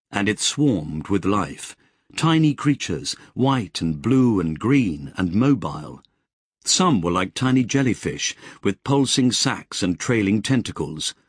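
A man narrates an audiobook in scripted, measured, expressive storytelling fashion. His voice is on the low side and slightly rough, captured in clean studio sound with no room sound.

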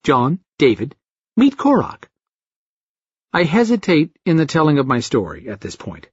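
Man reading a dark funny story, husky, lively pitch, kinda dull audio. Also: no room sound. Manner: wry, vivid storytelling. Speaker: audiobook narrator. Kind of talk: first-person horror-comedy narration.

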